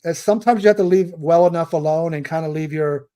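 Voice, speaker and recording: A man co-hosting a film podcast in relaxed, casual talk. His voice is mellow and a little high, and he pauses now and then with hesitant fillers. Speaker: podcast co-host. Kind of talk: casual film review chat.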